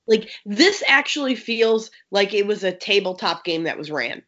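Chatty woman co-host, winded from illness, rushes her words, slightly dull recording. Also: medium pitch, big pitch swings, a bit bright. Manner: rapid, rambling, lots of restarts and fillers. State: out of breath from being sick. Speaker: podcast co-host reviewing a game book. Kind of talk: casual chat. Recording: slightly muffled lo-fi audio.

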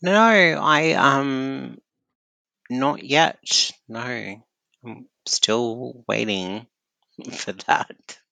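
A man's voice: medium pitch, drawn-out words, gravelly, sharp tone, no echo. A man as a podcast guest, talking bluntly and candidly about work and the holidays. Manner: candid and blunt, swears freely. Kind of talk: casual conversation.

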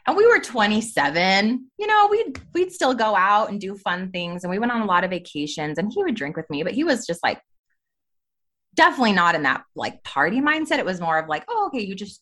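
A woman in her thirties tells a personal story with candor and life. Her pitch rises and falls a lot, and her delivery is animated and conversational.

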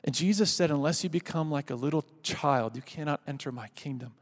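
A man preaching a sermon, earnest and building to loud calls, then leading a prayer. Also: fairly high pitch, a little fast. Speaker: pastor. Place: church sanctuary. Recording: reverberant hall.

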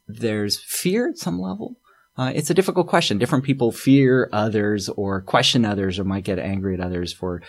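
A man speaking as an anthropologist guest in a relaxed interview, thoughtful and hesitant with many fillers and restarts. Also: lowish voice. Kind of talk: casual interview talk.

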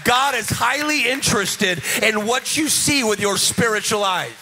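A man's voice: extremely high pitch, measured pace, sharp tone, slight background noise. A man preaching a rousing, joking sermon at a conference, with a sing-song delivery and frequent calls to the crowd. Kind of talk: energetic sermon. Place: conference stage.

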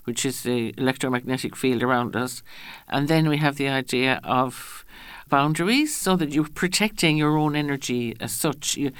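A woman's voice: a bass voice, smooth, no echo. Woman, chatty radio guest. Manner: chatty, acts out quoted voices, restarts often. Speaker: guest speaker on assertiveness. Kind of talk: radio interview.

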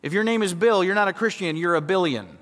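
A man preaching a sermon as pastor, emphatic, swinging from loud to hushed and acting out quoted voices. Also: sits high, lively intonation, fast, in a large hall.

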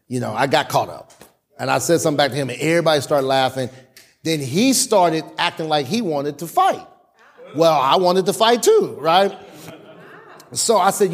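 A middle-aged man pastor preaching a sermon with dramatic pauses and call-and-response. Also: a little high, slightly rough.

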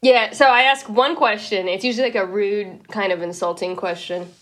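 A woman's voice: mid-range voice, fairly even intonation, normal speed, fairly bright tone. A woman guest podcaster joining by remote link for casual banter, chatty and self-deprecating, laughing often.

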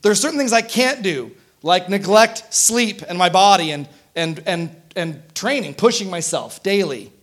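High-voiced conversational male preacher. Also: expressive, normal speed, hardly any pauses, fairly bright tone. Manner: conversational, frequent tag questions. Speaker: pastor. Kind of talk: sermon.

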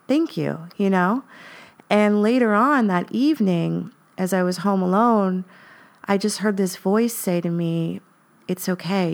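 A woman hosting a podcast, sharing a personal story in an earnest, reflective way with many fillers. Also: mid-range voice. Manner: earnest, lots of fillers, rising emphasis. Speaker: podcast host and coach.

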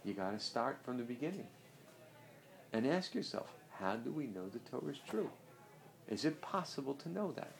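A man's voice: mid-range voice, very animated, normal speed, gravelly. A man teaching a religious class, lecturing emphatically and repeating his key phrases.

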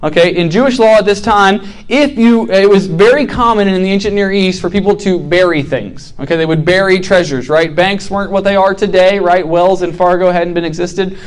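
A young man preaching to college students, telling a parable with lively acted-out voices and lots of "right?" and "like". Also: high voice, a little fast, hardly any pauses, smooth. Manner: animated storytelling, acts out characters, frequent "right?" and "like". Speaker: campus ministry preacher.

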